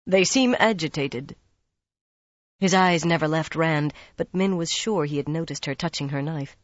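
A narrator reading a fantasy novel aloud in a steady, measured way. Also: mid-range voice, no room sound, dull audio. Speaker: audiobook narrator.

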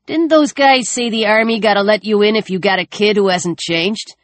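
Conflicted older man, subdued and hesitant, woman reader doing him, low-key delivery. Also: moderate pace, fairly bright tone, dry recording. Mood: uneasy.

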